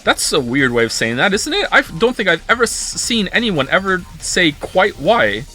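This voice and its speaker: A man's voice: high-pitched, very animated, moderate pace, hardly any pauses, sharp tone, soft background music. A British man streaming live, reading an article aloud and stopping to comment on it and try out the words. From Britain. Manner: reads aloud and breaks off to comment, tries out pronunciations. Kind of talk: casual livestream chat, reading an article aloud.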